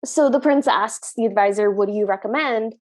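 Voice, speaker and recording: A woman co-hosting a podcast, retelling a movie's plot in lively casual chat and acting out the lines. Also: a little high, a little fast. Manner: animated, laughing, recaps scenes and acts out the lines. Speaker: podcast co-host.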